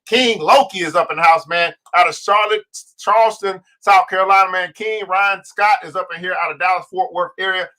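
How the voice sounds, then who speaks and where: A male livestream host with a high, bright, forceful voice. He talks straight to his viewers in a fired-up, preacher-like way, drawing out the words he wants to land. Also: fairly even intonation, brisk. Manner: fired-up preacher-like delivery, stretching key words; talks straight to viewers, greeting them by name. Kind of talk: livestream finance show.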